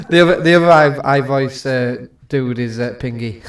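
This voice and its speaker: A man's voice: medium pitch, recorded from a distance. A British man streaming a strategy game and chatting with friends, joking and laughing often. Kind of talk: casual gaming chat with friends.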